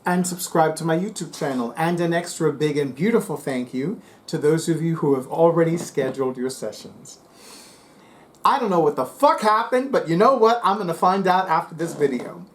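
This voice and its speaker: A man's voice: fairly high pitch, a little mellow. A man from New Jersey hosting a casual book review vlog, chatty and rambling with many fillers. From New Jersey, USA. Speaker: BookTube channel host.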